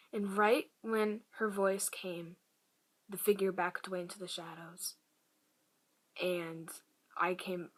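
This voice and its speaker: A woman vlogger telling a personal story to camera in a halting, hushed way, often dropping to a whisper. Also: medium pitch. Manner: many fillers and restarts.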